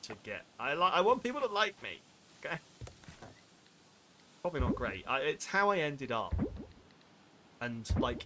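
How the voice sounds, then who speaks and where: There's background noise along with game music as a young man with a mid-range voice live-streams a farming game. He chats with viewers casually, rambling and mocking himself.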